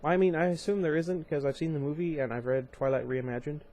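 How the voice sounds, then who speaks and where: A young man with a fairly high, darkish voice reads a novel aloud on his own channel, talking fast with fairly even intonation. He's an amateur audiobook reader and channel host who keeps breaking off into casual, chatty asides full of fillers and restarts.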